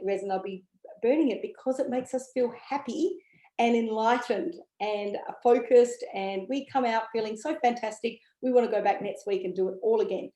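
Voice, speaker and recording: In an echoey room, a woman who teaches about essential oils gives a relaxed, eager talk to camera, peppered with ums and okays. Her voice sits at a medium pitch with a warm tone.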